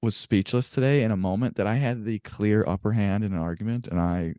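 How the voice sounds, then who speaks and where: A man co-hosting a casual sports podcast, animated and swearing freely as he tells stories. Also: fairly low pitch, fairly quick, no room sound. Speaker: podcast co-host.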